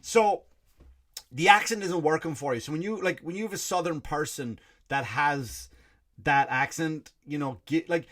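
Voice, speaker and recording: A middle-aged man from Ireland, his accent partly Americanized, hosts a podcast with a fairly high, slightly bright voice at normal speed. His comedy monologue is a blunt, profane rant, and he often restarts his sentences.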